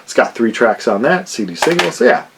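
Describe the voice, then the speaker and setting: A man's voice: medium pitch, big pitch swings, fairly quick, creaky, fairly bright tone, a little hiss or hum. A man hosting his own record-collecting channel, chatting casually and jokingly about a haul of CDs and vinyl, with lots of fillers. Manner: rambling and jokey, many fillers.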